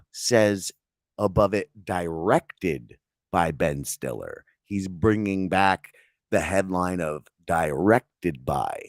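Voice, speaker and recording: A man's voice: on the low side, a little mellow, no echo, clean studio sound. A man co-hosting a casual comedic chat stream, rambling and riffing with crude jokes.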